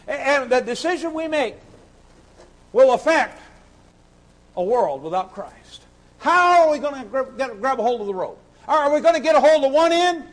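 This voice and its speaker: A man preaching a sermon, impassioned and repetitive, swinging between shouts and hushed pleading. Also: extremely high pitch, rough recording. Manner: sings hymn lines briefly.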